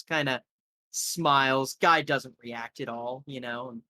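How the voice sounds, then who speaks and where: A man's voice: medium pitch, slow, sharp tone, no room sound. A man running a tabletop game who narrates loosely, leaning on fillers and asides as he describes the scene. His voice sits mid-range for a man. The sound is dry with no room in it. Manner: rambling, filler-heavy, casual. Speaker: game master.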